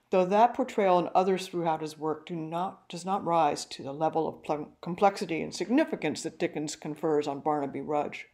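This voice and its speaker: Older woman giving a measured literary talk. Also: low-pitched, darkish tone. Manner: measured, careful reading.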